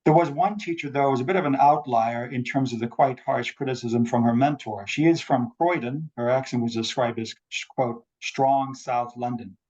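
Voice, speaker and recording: A man giving an academic talk over a video call, measured and explanatory. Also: medium pitch, a little mellow, muffled recording. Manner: measured lecturing, quotes examples. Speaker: academic speaker. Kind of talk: online forum talk.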